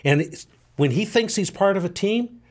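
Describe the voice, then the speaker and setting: A man's voice: high voice, animated, normal speed, darkish tone. A man co-hosting a podcast, telling a folksy story and reflecting on it in casual chat. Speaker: podcast co-host.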